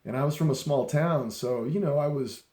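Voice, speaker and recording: A man's voice: fairly high pitch, normal speed, a little mellow. Laid-back storytelling man, echoey room. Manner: rambling, emphatic, laughs often, frequent restarts. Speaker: speaker sharing leadership stories. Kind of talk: casual storytelling talk.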